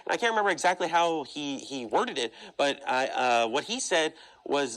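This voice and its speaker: A man's voice: medium pitch, expressive, moderate pace, hardly any pauses, fairly bright tone, poor audio. A man preaching, telling a story in a conversational, emphatic way and often saying "okay" and "you know.". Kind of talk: sermon storytelling.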